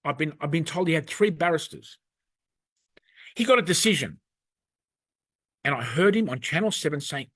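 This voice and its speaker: A man's voice: on the high side, animated, normal speed, long pauses, a bit bright, no room sound. An angry man delivering a rambling, emphatic monologue to camera. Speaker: video presenter.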